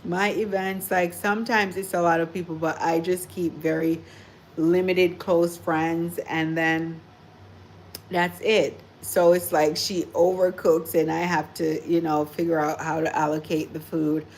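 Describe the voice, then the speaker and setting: A woman's voice: lowish voice, little pitch movement, measured pace, slight background noise. A woman hosting a casual livestream, chatting in a rambling, easygoing way full of "like" and "you know". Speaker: livestream host.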